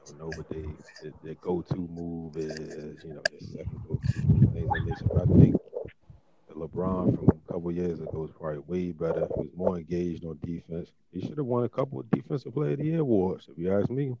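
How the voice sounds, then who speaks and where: Man, very deep gravelly voice, dark tone, relaxed panelist, dull line with faint noise. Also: brisk. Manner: relaxed, low-key, many fillers. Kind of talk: casual sports debate.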